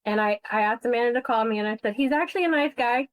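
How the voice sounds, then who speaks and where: A woman's voice: fairly high pitch, quick pace, dry recording, rough recording. A woman guest who investigates insurance fraud, telling her story bluntly and emotionally on a podcast interview. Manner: blunt, emotional, swears freely.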